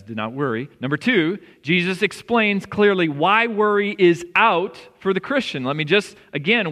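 A man's voice: high-pitched, a bit bright. A man preaching a sermon as pastor, in an earnest, conversational way that swells with emphasis. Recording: long reverb of a church hall.

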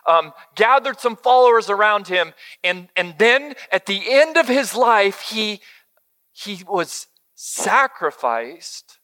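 A man's voice: high voice, pushed and bright. A middle-aged male pastor giving a conversational sermon, chatty, with frequent fillers and direct questions to the audience.

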